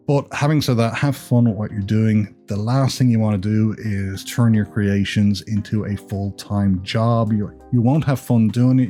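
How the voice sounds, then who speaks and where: A man with a somewhat low, mellow voice and an Irish accent softened by years of American speech. He rambles through casual advice for a vlog, with self-deprecating jokes along the way. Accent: Irish, partly Americanized. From Ireland. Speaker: YouTube creator.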